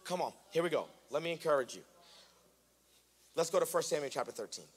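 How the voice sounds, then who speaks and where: Um pregador americano que prega um sermão em tom de conversa, brincando consigo mesmo antes de subir a voz com força. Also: male voice, a little high, fairly quick, husky. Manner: conversational, self-mocking, builds to loud animated preaching. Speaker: preacher. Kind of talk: sermon. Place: church sanctuary.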